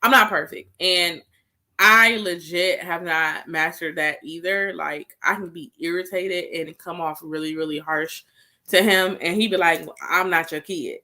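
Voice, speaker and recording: A young woman co-hosting a casual chat about marriage, candid and quick to laugh, talking straight to the viewers. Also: fairly low pitch, fairly even intonation, pushed and bright. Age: young adult. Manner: candid, laughs often, talks to viewers as y'all. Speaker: co-host.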